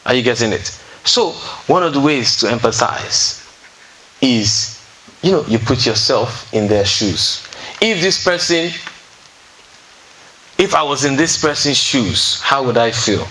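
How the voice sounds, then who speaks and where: A man's voice: medium pitch, expressive, unhurried, pauses often, bright, forceful tone, a little hiss or hum, low-quality recording. A man giving a relationship talk to a seated audience in a room. He keeps it conversational, checks in with his listeners often and tells stories from counseling sessions. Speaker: relationship speaker at a singles fellowship. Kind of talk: teaching talk to a live audience.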